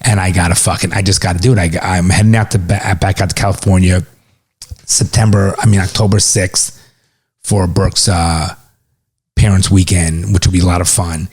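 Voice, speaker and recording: Low-voiced middle-aged man, casual. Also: moderate pace, slightly rough. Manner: relaxed, swears freely. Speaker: podcast co-host, father. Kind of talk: casual chat.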